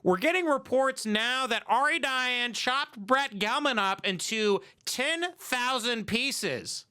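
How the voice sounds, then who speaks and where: A man's voice: very high-pitched, lively intonation, takes it slowly, sharp tone, smooth, voice pushed up, heavily acted. A man putting on a frantic male news reporter delivering breaking news from a scene. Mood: urgent.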